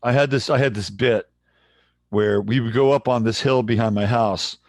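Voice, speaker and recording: A man hosting a livestream in casual chat, relaxed and rambling as he greets viewers. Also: mid-range voice, moderate pace, no echo. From San Jose, California, USA. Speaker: livestream host.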